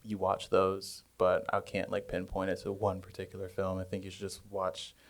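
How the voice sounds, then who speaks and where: A man on a cinematography panel, giving relaxed advice full of fillers. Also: sits low, moderate pace. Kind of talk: casual panel talk.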